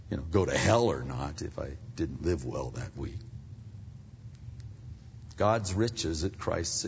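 Older male pastor, rough husky voice, chatty sermon that rises loud then drops hushed, dull recording in a big church. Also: fairly low pitch. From Pennsylvania, United States. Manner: conversational preaching, swings from loud to hushed. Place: large church sanctuary. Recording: dull reverberant hall sound.

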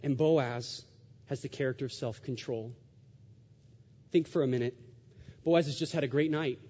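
Animated male preacher in an echoey hall. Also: normal speed. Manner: animated, acts out quoted voices with big swings in pitch and volume. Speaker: pastor. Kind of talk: sermon. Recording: dull sound, long hall reverb.

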